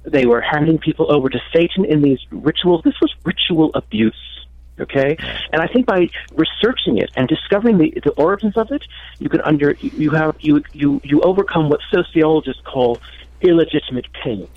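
A man's voice: on the high side, brisk, no echo, narrow, tinny audio. A man speaking earnestly as a guest on a radio talk show. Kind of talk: radio interview answers.

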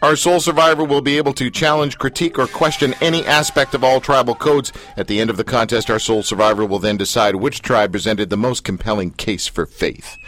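A man hosting a casual radio talk show, jokey and lively. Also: medium pitch. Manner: jokey, animated, does quick comic voices.

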